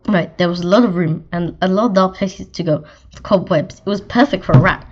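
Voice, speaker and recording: A woman reading a children's storybook aloud in a lively way, with some stumbles and restarts. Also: on the low side, a little fast. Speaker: story reader. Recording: slightly dull lo-fi recording.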